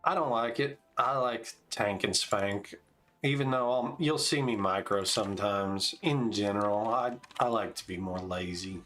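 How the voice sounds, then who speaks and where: A man's voice: on the low side, unhurried, fairly bright tone, faint music behind. A man in his forties streaming a game, chatting casually and calling out tactics as he plays. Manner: laid-back, chatty, calls out tactics between stories. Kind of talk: casual gameplay commentary.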